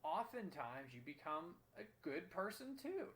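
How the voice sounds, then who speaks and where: A man's voice: a little high, very animated, measured pace, fairly bright tone. A young man hosting a motivational talk, telling a story in an earnest, emphatic way. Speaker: host.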